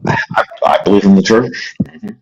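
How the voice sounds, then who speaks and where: A man guest in a casual podcast chat, talking in a deadpan, wry way. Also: lowish voice, moderate pace, gravelly, dull audio, noisy background. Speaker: self-described pastor guest.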